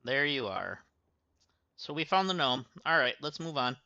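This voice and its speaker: A man's voice: mid-range voice, very animated, normal speed, gravelly, bright, forceful tone, no room sound, dull audio. A man livestreaming a game, chatting and thinking aloud as he plays. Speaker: streamer.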